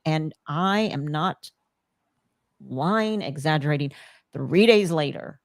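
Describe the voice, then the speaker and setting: A woman's voice: deep voice, expressive, takes it slowly, long pauses, no room sound. A middle-aged woman hosting a podcast, earnestly telling her own story of hardship and faith, quoting herself and others as she goes. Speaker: podcast host. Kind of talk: emotional personal storytelling.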